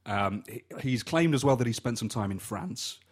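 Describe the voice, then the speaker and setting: Husky-voiced man chatting about a film. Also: normal speed. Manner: lively, imitates film lines in high voices. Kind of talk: casual film chat.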